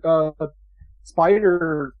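A man chatting casually about a video game, animated and rambling, often restarting his sentences. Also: a little high, extremely slow, no room sound, phone-quality sound. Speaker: podcast guest co-host. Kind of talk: casual gaming chat.

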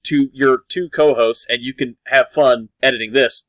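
A man's voice: mid-range voice, fairly even intonation, normal speed, a bit bright, dry recording, rough recording. A man with an American accent, co-hosting a podcast in casual chat, sarcastic and joking. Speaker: podcast co-host.

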